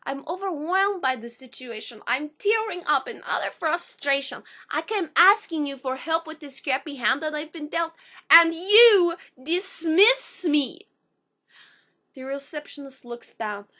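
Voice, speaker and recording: Intense high-voiced woman reciting poetry. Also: expressive, moderate pace, hardly any pauses, bright, forceful tone. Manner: intense, emphatic delivery. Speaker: poet. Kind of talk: spoken-word poetry performance.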